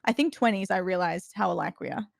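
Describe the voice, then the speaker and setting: A woman's voice: medium pitch, fast, gravelly, no room sound, studio quality. A young Australian woman in her twenties, a guest chatting casually and laughing often between stories. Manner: giggly, chatty, trailing restarts. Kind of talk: casual interview chat.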